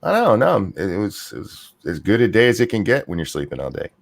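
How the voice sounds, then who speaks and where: A man's voice: low voice, expressive, fast. An older man hosting a casual live-stream chat, sick with a chest cold and struggling to talk. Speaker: podcast host.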